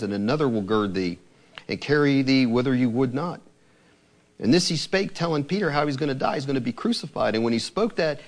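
Conversational preacher, lightly raised pitch. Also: male voice. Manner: laughs lightly between points. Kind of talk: sermon.

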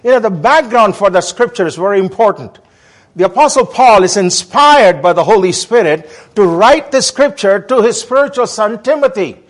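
A man delivers a sermon with a high voice that leaps up and down. He drives points home with emphatic repetition and calls the congregation to answer back. He sounds like a guest preacher speaking in a church. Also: expressive, normal speed. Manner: emphatic call-and-response preaching.

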